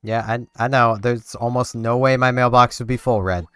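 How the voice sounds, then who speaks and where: A man's voice: mid-range voice, fairly even intonation, normal speed, a bit bright, clear, resonant tone. A man giving casual let's-play commentary, rambling and talking to himself and to the game as he plays. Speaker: gameplay commentator.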